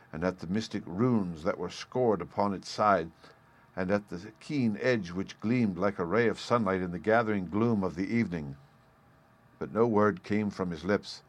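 A man reading a storybook aloud as narrator, in a measured storytelling manner. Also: deep voice. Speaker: audiobook narrator. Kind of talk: scripted narration.

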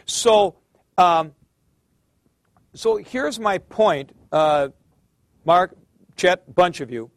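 Man, teacher, classroom lecture, high voice, slow and patient, thinks aloud, dry close sound. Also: lively intonation, dry recording. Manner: patient, explanatory, addresses students by name; thinks aloud with fillers and restarts.

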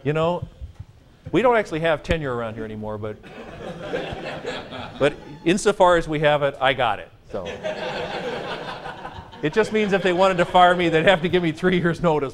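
A man teaching a Greek grammar class, lecturing in a lively, joking way and stressing his points. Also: a little high, normal speed, long pauses. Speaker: Greek professor.

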